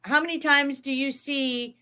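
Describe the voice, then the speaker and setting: A woman's voice: high voice, fairly even intonation, unhurried, sharp tone. A woman co-hosting a casual sports podcast, earnest and opinionated, often restarting her sentences as she thinks.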